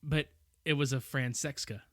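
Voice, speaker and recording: A man's voice: medium pitch, normal speed, dry recording, clean studio sound. A man co-hosting a podcast, chatting casually about a cult film, laughing a lot and acting out the characters. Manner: animated, laughing, acts out movie characters in put-on voices. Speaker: podcast co-host. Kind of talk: casual film-review chat.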